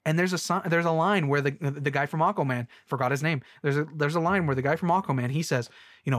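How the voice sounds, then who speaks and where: A man's voice: on the high side, fast talker, a bit bright, no room sound, clean studio sound. A young man ranting casually about a movie, rambling and sarcastic, with many restarts. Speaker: movie reviewer.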